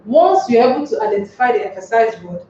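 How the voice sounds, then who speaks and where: A woman tutor, going through an exam-prep lesson slowly and deliberately and asking the class rhetorical questions. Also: on the high side, animated, mellow, slight background noise. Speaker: English tutor. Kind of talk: slow exam-prep lesson on emphatic stress. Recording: distant, echoey, dull lo-fi room.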